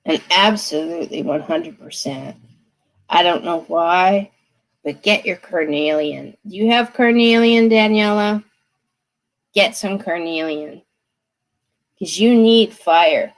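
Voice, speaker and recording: A woman reads tarot cards live from home, speaking at an unhurried pace. Her delivery is chatty and emphatic, and she breaks into laughter often. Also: fairly low pitch, rough recording. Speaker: tarot reader. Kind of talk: live-stream reading.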